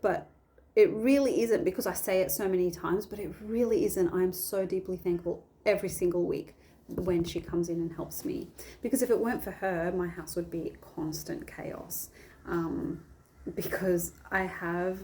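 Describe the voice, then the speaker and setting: Speaking in a low, dark, steady voice without hurrying, a faith vlogger talks casually at home about a Bible story. She rambles and keeps cutting herself off to start her sentences again.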